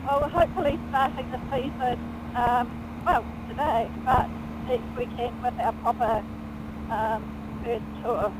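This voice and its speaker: A woman's voice: on the high side, fairly even intonation, measured pace, background noise. A woman chatting casually while riding on a motorbike, chipping in short remarks. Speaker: motorcycle vlog co-host. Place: on a motorbike outdoors.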